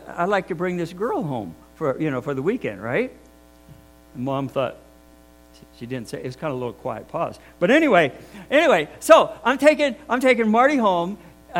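An older male pastor giving a sermon, telling a folksy story with many restarts and swinging between loud emphasis and soft asides. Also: on the high side, rough recording. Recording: mains hum behind the voice.

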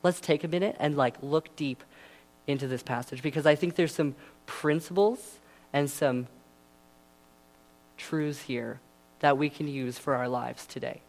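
A man's voice: on the high side, a little slow, long pauses, a little mellow. Chatty young man preaching. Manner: casual and chatty, many fillers. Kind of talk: sermon.

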